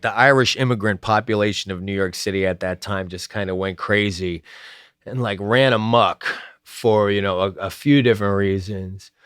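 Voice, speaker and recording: A New Jersey songwriter and band frontman in his late thirties chats casually in an interview about making an album, rambling with lots of fillers and sardonic asides. His lowish voice is fairly bright, clear, and resonant, recorded with clean studio sound and no room sound.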